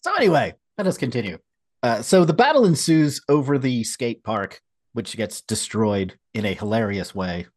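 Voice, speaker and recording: A man's voice: mid-range voice, sing-song, moderate pace, dry recording, clean studio sound. A man co-hosting a casual podcast, recapping a comic with wry sarcasm. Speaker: podcast co-host. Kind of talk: casual comic book discussion.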